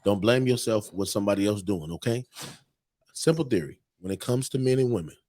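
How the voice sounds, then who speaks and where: A man's voice: fairly low pitch, lively intonation, brisk, dark tone. A man co-hosting a podcast in a bar, giving blunt, preachy relationship advice full of slang in a casual chat. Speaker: podcast co-host. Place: bar on location.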